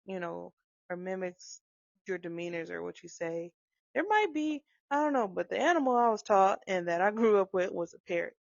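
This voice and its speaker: Gravelly woman, animated casual talk. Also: medium pitch, no echo. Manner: animated, acts out quoted dialogue, frequent laughs. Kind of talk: casual monologue on parenting. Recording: dull, dry close-mic sound.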